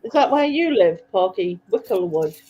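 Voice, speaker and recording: A woman's voice: medium pitch, sing-song, normal speed, dark tone, a little hiss or hum. A woman, chatting casually with friends and often restarting her sentences. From North East England. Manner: chatty, loose with frequent restarts and laughter. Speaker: chat participant. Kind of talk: casual chat among friends. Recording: slightly dull, muffled sound.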